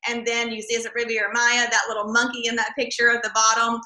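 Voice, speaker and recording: Enthusiastic woman co-host, bright and slightly high; roomy sound. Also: monotone, quick pace, slight background noise. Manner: chatty, enthusiastic, laughs often. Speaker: co-host of an online sales party. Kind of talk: casual sales pitch.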